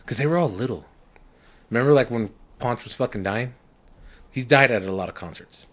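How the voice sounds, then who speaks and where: A young man co-hosting a casual podcast, telling profane stories with lively impressions of the people in them. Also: medium pitch, a little fast. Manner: profane storytelling, animated impressions. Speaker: podcast co-host. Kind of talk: casual chat.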